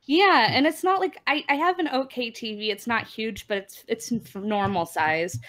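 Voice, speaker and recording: A woman from Minnesota, co-hosting a casual gaming podcast, chatty and quick to laugh. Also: a little high, fairly bright tone. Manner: chatty, laughs often, restarts. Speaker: podcast co-host. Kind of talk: casual chat.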